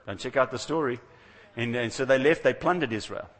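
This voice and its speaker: A man's voice: medium pitch, brisk. A man preaching a sermon in a conversational, storytelling way, acting out the voices of the people he quotes. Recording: long hall reverb.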